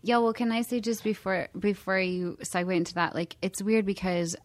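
A woman's voice: medium pitch, steady tone, moderate pace, no room sound. A woman with a mid-range voice chats loosely and fills her sentences with "like". The sound is close and completely dry, with no room at all. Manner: chatty, many fillers like "like". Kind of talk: casual podcast banter.

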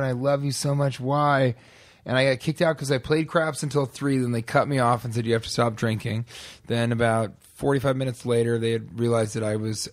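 A male comedian in casual chat, telling a rambling anecdote and acting out the other people in it. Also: medium pitch.

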